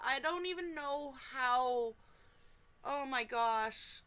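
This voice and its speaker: A woman with a high-pitched voice speaks slowly as she hosts a reaction channel, reading a forum story aloud. She keeps breaking off into animated, exclaiming, apologetic asides.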